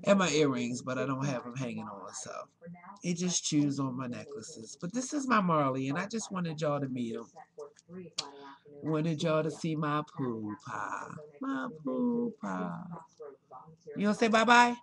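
A woman's voice: extremely low pitch, expressive, normal speed. A woman recording a webcam video at home, showing off her pet and talking to him in doting baby talk. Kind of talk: casual webcam vlog. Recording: TV chatter in background.

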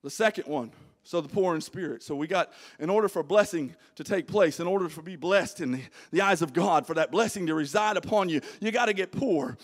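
A male pastor preaching a sermon, dropping to hushed low lines and rising to shouted calls. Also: a little fast.

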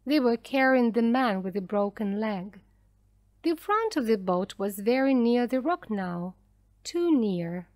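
A woman narrating a graded reader story slowly and clearly for language learners. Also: a little high, animated, a little mellow, no room sound. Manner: slow, clear, carefully paced for learners.

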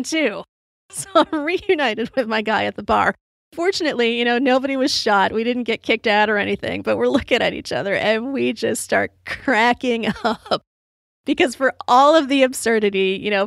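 A woman's voice: a little high, dry recording, clean studio sound. A woman hosting her podcast, telling rambling stories with lots of fillers while a bit tipsy from drinking. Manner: chatty, rambling, many "you know" fillers, laughs at own story. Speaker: podcast host. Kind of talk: casual storytelling monologue.

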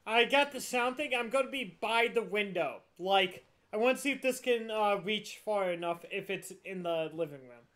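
A man chatting casually while playing a ghost-hunting game with friends, swearing and yelling taunts. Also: sits high, lively intonation, normal speed, hardly any pauses. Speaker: gamer.

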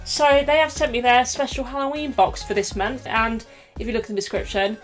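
A woman's voice: on the high side, fairly even intonation, fairly quick, soft background music. A young woman from the UK, a bubbly, self-mocking vlogger chatting casually through an unboxing, a little out of breath. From United Kingdom. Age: young adult. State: slightly out of breath.

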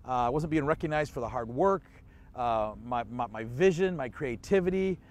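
A man's voice: mid-range voice, expressive, normal speed. A man pastor giving an online church sermon in a conversational way, asking the listener questions and chuckling often.

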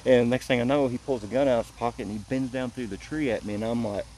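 A man's voice: medium pitch, fairly even intonation, quick pace, warm tone, a little hiss or hum, poor audio. A man from Illinois telling a story in a casual way, recounting events through quoted back-and-forth. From Illinois, USA. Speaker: visitor telling what happened to him.

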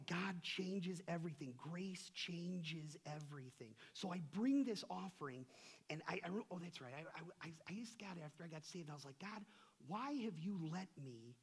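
A man preaching a sermon as pastor. He is emphatic and swings between loud, forceful passages and quiet, confiding ones. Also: fairly high pitch, slightly rough. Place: church sanctuary.

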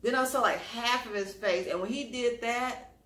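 A man telling an emotional personal story on his channel in an expressive, sassy way, calling listeners honey. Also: very high-pitched, moderate pace. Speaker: storytime YouTuber. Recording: roomy echo.

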